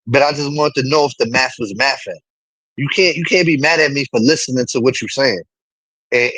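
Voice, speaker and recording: A man, chatting casually to a live stream audience in an animated, rambling way, swearing often. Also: a little high, no echo, rough recording.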